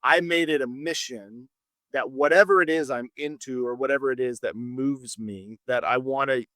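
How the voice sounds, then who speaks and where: A man's voice: mid-range voice, moderate pace, bright, forceful tone, no echo. A middle-aged man as a podcast guest, talking in a rambling, earnest way, often searching for words. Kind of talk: casual podcast chat.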